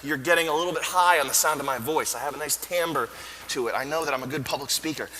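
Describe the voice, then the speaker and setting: A man giving a parody motivational talk to a university audience, bombastic and erratic, with sudden shouts. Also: fairly high pitch, fast talker, crowd noise. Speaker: comedic stage speaker. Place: university auditorium. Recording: echoey hall with faint ambience.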